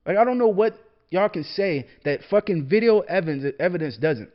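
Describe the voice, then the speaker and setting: A young man holds forth alone in a casual monologue, his voice high and swinging widely in pitch. He swears freely and trips over repeated words as he gets fired up. The recording is dull and lo-fi. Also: lively intonation, brisk. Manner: heated, profane, repeats words when worked up. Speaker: podcast host, military veteran. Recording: dull lo-fi sound.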